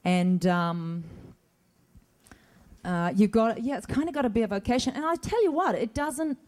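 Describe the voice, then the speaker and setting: A woman's voice: a little high, expressive, moderate pace, darkish tone. Joking woman on a convention stage. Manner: chatty, joking, self-deprecating, restarts often. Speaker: actor guest at a fan convention. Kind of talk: convention Q&A panel. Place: large convention hall with audience.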